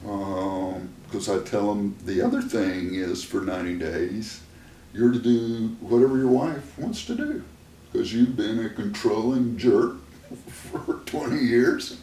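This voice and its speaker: A therapist and host with a lowish, dark voice talks slowly and unhurriedly, laughing often as he shares stories in a casual, conversational way. The distant mic picks up a roomy sound with faint noise.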